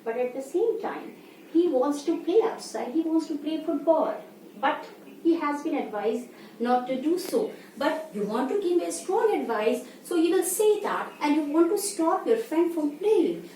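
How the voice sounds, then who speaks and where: A woman's voice: high-pitched, lively intonation, unhurried, warm tone. A woman teacher with an Indian English accent, explaining grammar in a lesson and often asking "fine?" to check understanding. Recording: echoey room, voice from the mic's distance, faint hiss.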